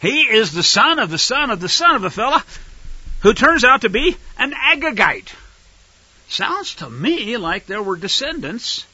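A man's voice: very high voice, big pitch swings, measured pace, bright, forceful tone, husky, no room sound. A man teaching from the Bible in a casual, chatty way, with wry asides to his listeners, on a dull lo-fi recording. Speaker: preacher.

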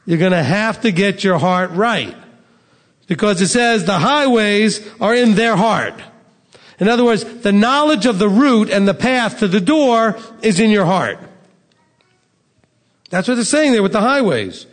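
A man's voice: high voice, lively intonation, measured pace, long reverb tail. A man preaching a sermon to a live congregation, reading scripture aloud and pressing his listeners with direct questions. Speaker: pastor.

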